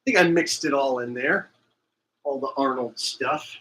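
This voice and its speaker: A man's voice: medium pitch, measured pace, sharp tone, low-quality recording. A man hosting a livestream, chatting loosely and reading out comments from viewers. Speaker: livestream host.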